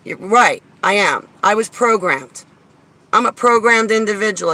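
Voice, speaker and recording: A woman's voice: medium pitch, measured pace, bright, forceful tone, dry recording, rough recording. A woman venting bluntly and argumentatively in a casual vlog. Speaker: vlogger. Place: in and around a car outdoors. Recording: outdoor traffic noise.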